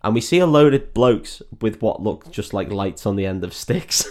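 A man's voice: lowish voice, expressive, normal speed. A man co-hosting a comedy podcast, recapping a film in a rambling way, laughing and swearing often. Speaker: podcast co-host.

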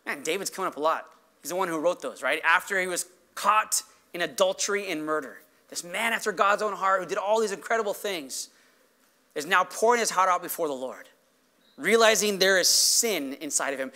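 A man preaching a sermon as pastor, earnest and conversational, often checking in with the congregation with a quick tag question. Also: high-pitched, animated, bright, forceful tone.

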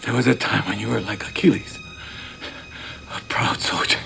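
An actor playing a calm older man who pleads at gunpoint, in a film clip with a gravelly voice. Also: fairly low pitch, normal speed, faint music behind, heavily acted. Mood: pleading. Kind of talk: film dialogue.

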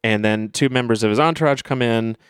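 A man's voice: mid-range voice, fairly quick, smooth, no room sound, clean studio sound. A man casually retelling a film plot, rambling, swearing freely and acting out the characters' lines. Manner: rambling storyteller, swears freely, acts out quotes. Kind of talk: casual film recap chat.

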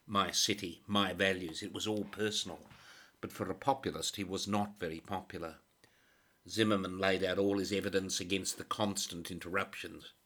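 A man's voice: low voice, sharp tone. A man narrating a crime novel in a dry, sardonic manner. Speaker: audiobook narrator.

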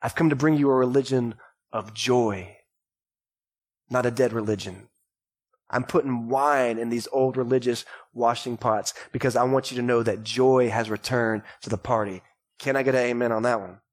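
A man in his thirties from Texas, a pastor preaching a lively sermon to a congregation and calling out to them. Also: mid-range voice, normal speed. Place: church sanctuary before a congregation. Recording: live church recording.

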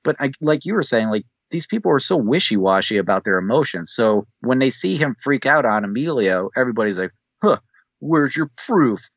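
A man's voice: medium pitch, expressive, a little fast, few pauses, no room sound. A man co-hosting a casual chat, speaking in an easygoing, thoughtful way. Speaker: podcast co-host. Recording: dull, dry lo-fi mic.

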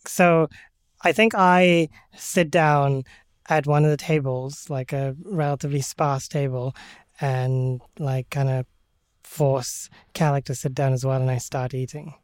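A woman's voice: very deep voice, flat delivery, normal speed, mellow, no echo, clean studio sound. A woman podcast host narrating her moves in a tabletop game, casual and rambling. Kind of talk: tabletop role-play narration.

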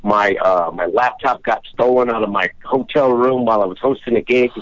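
A man's voice: mid-range voice, moderate pace. A man calling into a talk show by phone, rambling with lots of fillers. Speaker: caller, event host. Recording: dull, lo-fi phone call.

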